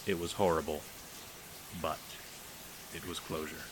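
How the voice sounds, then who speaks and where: A man narrating a novel aloud in a measured, solemn storytelling manner. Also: extremely low pitch, level tone, noisy background. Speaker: audiobook narrator. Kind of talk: scripted narration.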